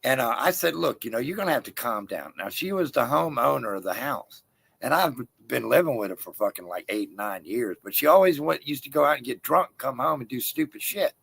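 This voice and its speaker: A man's voice: medium pitch, expressive, fairly quick, gravelly, a bit bright, breathy edge. A man in a casual chat, telling a crude, profane story in a rowdy way. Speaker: guest storyteller.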